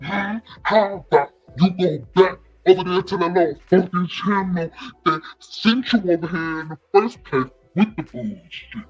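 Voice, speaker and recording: A woman putting on a gruff, menacing monster voice to taunt hecklers. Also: on the low side, moderate pace, faint music behind. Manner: taunting, mock-threatening.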